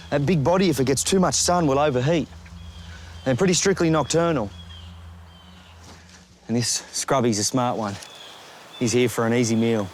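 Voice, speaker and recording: A middle-aged Australian man presenting wildlife on location outdoors, chatty and lively, often talking straight to the animal. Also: medium pitch, slight background noise. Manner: lively, chatty, talks directly to the snake. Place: outdoors in the bush and by a road.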